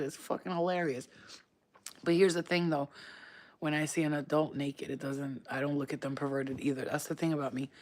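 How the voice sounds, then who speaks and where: A woman's voice: deep voice, fairly even intonation, brisk, darkish tone. A woman vlogger chatting casually to her viewers, rambling in slang and sliding into baby talk with her dog. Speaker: spiritual vlogger. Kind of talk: casual chat to camera.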